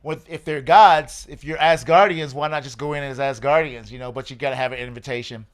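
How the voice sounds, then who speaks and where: Profane, animated man reviewing a movie. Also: medium pitch, a little fast. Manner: animated, profane, laughing storyteller. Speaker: podcast host. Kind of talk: casual movie review chat.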